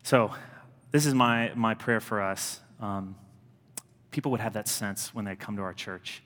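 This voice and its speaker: Earnest low-voiced preacher in a reverberant church. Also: male voice, unhurried, a bit bright. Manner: earnest, conversational preaching with emphatic repetitions. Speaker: pastor. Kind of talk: sermon. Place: church sanctuary. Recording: long reverb of a large church.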